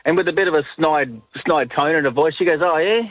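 A man's voice: on the high side, quick pace, dry recording. Man calling in on a dull phone line. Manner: chatty, hesitant start, amused. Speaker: caller. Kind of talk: telling a joke on the phone.

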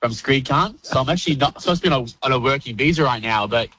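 Fast-talking Australian guy calling in. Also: medium pitch, pushed and bright, slightly rough, dull audio. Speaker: caller. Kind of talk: casual radio call.

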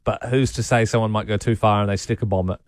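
A man's voice: lowish voice, steady tone, fast, no echo, clean studio sound. A young adult man, co-hosting a casual radio show and telling stories with easy laughs. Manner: chatty, storytelling, laughs easily. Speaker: radio co-host. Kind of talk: casual breakfast radio banter.

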